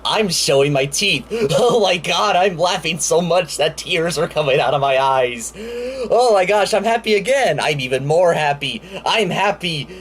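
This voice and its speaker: A man's voice: sits high, animated, measured pace, voice pushed up. A man voicing a giddy, emotional male emoji character who gushes and melodramatically laughs and sobs. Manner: gushing, melodramatic, laughing and sobbing.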